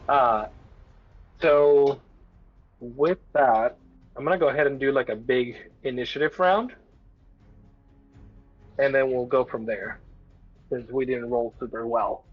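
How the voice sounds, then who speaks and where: A man's voice: medium pitch, unhurried, long pauses, breathy edge. A man running a tabletop game as game master, narrating in a rambling way full of filler words, in a dull lo-fi recording with faint music.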